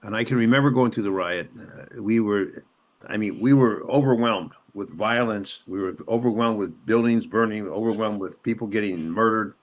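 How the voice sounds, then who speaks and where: An older man from Los Angeles, once a police officer and city councilman, tells his story at a moderate pace in a fairly low voice. He repeats himself for emphasis and speaks with strong emotion, his voice rising and dropping sharply.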